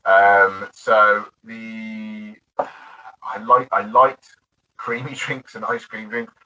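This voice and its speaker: A former bartender from the United Kingdom is interviewed casually about his years behind the bar, in distant, dull lo-fi audio. His lowish voice is pushed and bright but flat, with drawn-out words, and he's chatty, laughs often, and restarts a lot.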